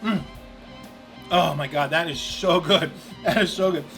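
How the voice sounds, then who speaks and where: A man's voice: fairly high pitch, a little slow, a bit bright, faint music behind. A man hosting a casual cooking demonstration at an outdoor grill, chatty and enthusiastic, talking straight to the camera. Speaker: cooking show host.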